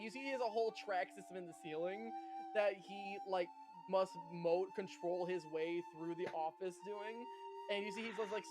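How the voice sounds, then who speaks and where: Rambling male game master, high-pitched, narrating over music. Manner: rambling, giggly, filler-heavy.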